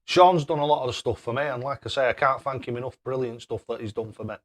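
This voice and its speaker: A man's voice: medium pitch, quick pace. A young man hosting a live stream, chatting casually and thanking viewers by name. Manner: cheery, excitable.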